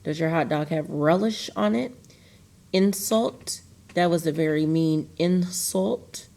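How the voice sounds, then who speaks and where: A woman teacher giving a recorded virtual phonics lesson, patient and repetitive, slowly drawing out words for her students. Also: deep voice, creaky, warm tone. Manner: patient, repeats key phrases and stretches words out for students.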